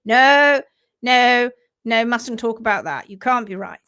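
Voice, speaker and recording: A woman putting on the voice of a stubborn male vet who flatly dismisses new ideas, repeating no. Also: on the high side, measured pace, clean tone. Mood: dismissive. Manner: flat refusing, repeating no.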